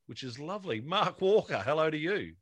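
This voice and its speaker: A man's voice: fairly high pitch, big pitch swings, brisk, a bit bright, dry recording. Upbeat male host, dry. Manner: upbeat, chatty introductions. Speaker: radio show host. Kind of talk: casual show hosting.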